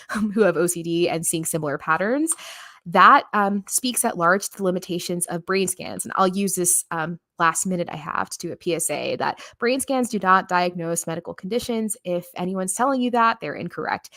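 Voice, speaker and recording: A woman's voice: fairly low pitch, a bit bright, no echo, studio quality. A woman hosting a livestream, talking in a casual, earnest way with many fillers as she answers viewers. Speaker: livestream host.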